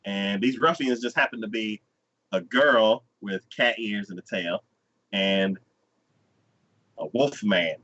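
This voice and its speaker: A man's voice: fairly low pitch, takes it slowly, pauses often, a bit bright. A man hosting a podcast, casually recapping an anime episode and acting out its characters in exaggerated voices. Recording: dull lo-fi podcast audio.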